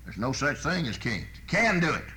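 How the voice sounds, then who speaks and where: A man preaching a sermon, telling folksy stories and swinging from loud bursts to soft, low asides. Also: very animated, normal speed, noisy background.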